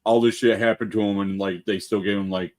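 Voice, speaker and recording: A man with a fairly low voice co-hosts a casual veterans' chat. He tells profane army stories and acts out the voices of the people in them. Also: fairly even intonation, a little fast, darkish tone. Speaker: co-host.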